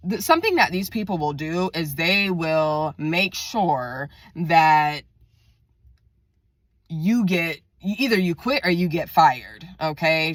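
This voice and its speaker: A woman's voice: lowish voice, fairly bright tone, no echo. A woman telling a story in a casual, venting vlog, talking to her viewers and acting out what others said in a raised voice. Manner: chatty, venting, acts out quotes in raised voice. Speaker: vlogger.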